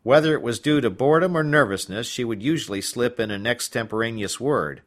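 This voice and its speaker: A man narrating a novel as an audiobook in an expressive storytelling manner. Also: medium pitch, a little fast.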